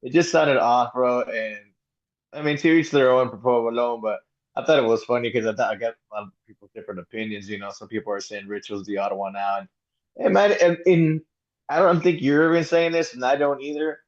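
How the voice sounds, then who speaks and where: A man with a voice of middle pitch co-hosts a casual podcast chat. He talks in slang, trips over his words and starts over. His audio comes through dull and lo-fi. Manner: halting, many restarts, slangy. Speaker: podcast co-host. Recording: dull lo-fi sound.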